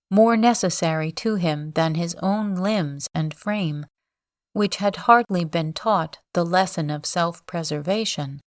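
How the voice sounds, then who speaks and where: Slow, calm woman reading a bedtime story. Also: lowish voice, dry recording, clean studio sound. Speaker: audiobook reader. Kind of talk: sleep story narration.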